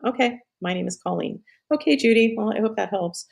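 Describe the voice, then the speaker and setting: A woman's voice: medium pitch, brisk, creaky, darkish tone. A middle-aged woman hosting a live stream in casual chat, rambling off on tangents, swearing and laughing often.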